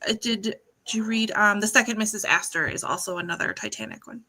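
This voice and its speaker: A woman joins a casual book chat on a live stream. She is friendly and eager and often chimes in. Her voice is bright, at a middle pitch. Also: fast, low-quality recording.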